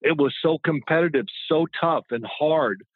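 A former quarterback in his sixties, appearing as a guest in a casual interview, tells rambling, chatty stories with frequent restarts. His voice sits on the high side at a moderate pace, and the line sounds tinny and phone-like, completely dry with no room sound.

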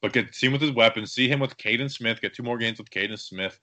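A man's voice: mid-range voice, fast. A young man co-hosting a casual sports podcast, rambling and joking through his stories. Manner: rambling, joking, animated storytelling. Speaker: podcast co-host.

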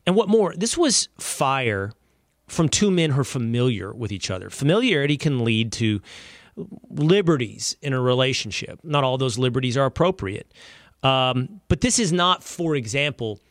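A male host delivers sports opinion commentary in an emphatic, conversational way. His pitch swings widely as he argues his point. The sound is dry and close, with no room around it. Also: big pitch swings, normal speed, no room sound. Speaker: show host.

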